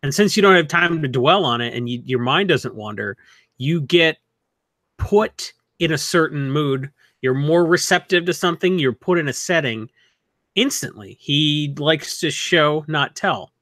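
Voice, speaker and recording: A man co-hosting a podcast, chatting about films in an opinionated, quick way and mocking other people's voices. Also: on the high side, expressive, a bit bright, no echo, clean studio sound. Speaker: podcast co-host. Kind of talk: casual film discussion.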